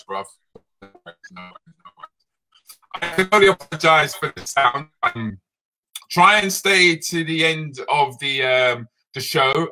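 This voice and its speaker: A man's voice: mid-range voice, bright, forceful tone, low-quality recording. A man hosting a chat show over a video call, speaking casually and apologizing. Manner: apologetic, casual, says bruv.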